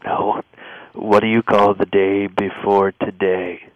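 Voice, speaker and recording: A man playing a scam caller in a comedy sketch, breathy and coaxing, pushing for a yes. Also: lowish voice, flat delivery, slow pace, no room sound, dull audio. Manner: pushy, coaxing, keeps trying to make him say yes.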